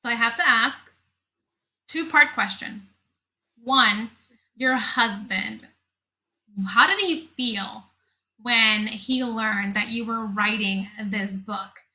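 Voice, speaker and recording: A woman hosting an interview podcast, affirming her guest and asking gentle questions. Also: a little high, slow pace, pauses often, poor audio. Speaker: podcast host.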